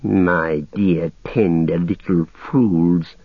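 A man voicing a sly, menacing male goblin who speaks in a slow, soft hissing whisper. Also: low voice, steady tone, breathy edge, dry recording, full character voice. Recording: tinny phone-like sound.

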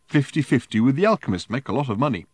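A man voicing a drunk, rambling man telling a tall tale, talking loud, halting and insistent. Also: medium pitch, very animated, breathy edge, no room sound, pitched above the performer's own voice. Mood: tipsy.

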